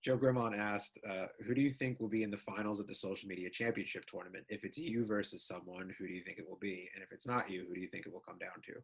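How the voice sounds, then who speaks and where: Low husky male host. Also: fast, few pauses. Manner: relaxed, filler-heavy reading. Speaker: host reading fan questions. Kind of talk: casual interview hosting.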